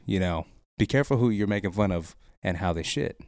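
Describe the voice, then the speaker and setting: A man's voice: deep voice, lively intonation, a little fast, darkish tone, clean tone, dry recording, clean studio sound. A young man co-hosting a podcast, chatting casually and crudely, rambling through stories and laughing often. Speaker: podcast co-host.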